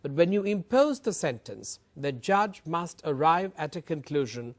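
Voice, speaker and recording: A man, a lawyer on a TV panel, making his case in deliberate, formal legal phrasing. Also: fairly high pitch, big pitch swings. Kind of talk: panel debate argument.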